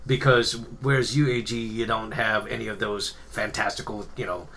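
Man, casual chat, halting and searching, faint background noise. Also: fairly low pitch, steady tone, fairly bright tone. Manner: halting, searching delivery with restarts.

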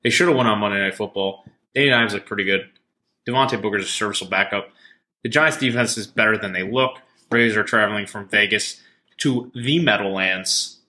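Bright-voiced joking male podcast co-host. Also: on the low side, brisk. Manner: jokey and profane, goofing around. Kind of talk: casual sports betting chat.

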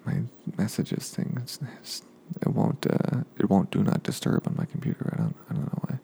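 Low, gravelly man telling a story. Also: sing-song, normal speed. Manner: rambling, with digressive asides and dark jokes. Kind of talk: casual spoken anecdote.

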